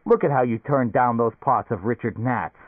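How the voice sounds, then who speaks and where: A man's voice: medium pitch, moderate pace, breathy edge, no echo, close to an everyday voice. A man voicing a pushy, blustering middle-aged male company boss in an audiobook, talking insistently and hectoring. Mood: lecturing. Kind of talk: audiobook character voice. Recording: tinny narrow-band recording, dry.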